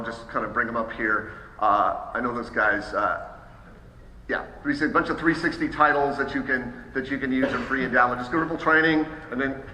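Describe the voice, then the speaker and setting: Man, live software demo, casual and upbeat, very bright voice, roomy hall echo. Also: mid-range voice, slight background noise. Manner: casual, upbeat, many fillers and restarts. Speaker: software trainer presenting at a trade show. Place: large hall.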